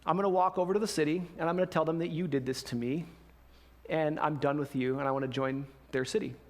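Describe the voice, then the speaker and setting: Preacher doing a scarred ancient general: quiet, determined, matter-of-fact, slightly high voice. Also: male voice, fairly even intonation, quick pace, long reverb tail, natural voice.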